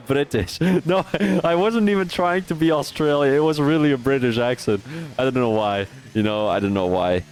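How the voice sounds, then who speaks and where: Excitable man calling a sim race. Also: medium pitch, normal speed, slight background noise. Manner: excitable, rising sharply at overtakes, many restarts. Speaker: sim racing league commentator. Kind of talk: live-stream race commentary.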